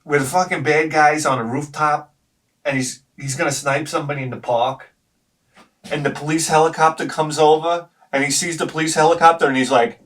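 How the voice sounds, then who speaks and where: Recorded from far off, a man in his forties with a highish voice hosts a retro gaming show and tells meandering stories from his childhood. He's animated, curses a lot, and cracks himself up along the way.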